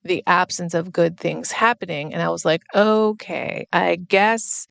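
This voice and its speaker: Gravelly-voiced woman in earnest monologue. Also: fairly low pitch, measured pace, no room sound. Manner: earnest, explanatory. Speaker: podcast host and recovery coach. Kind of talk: personal reflective monologue.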